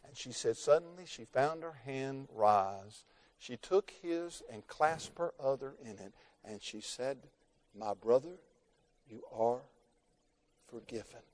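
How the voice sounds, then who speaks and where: A man preaching a sermon through a story, rising to loud emphasis and dropping to hushed tones, slowing down on key words. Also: medium pitch, animated. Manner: dramatic, swings between loud emphasis and hushed near-whispers, slows for key words.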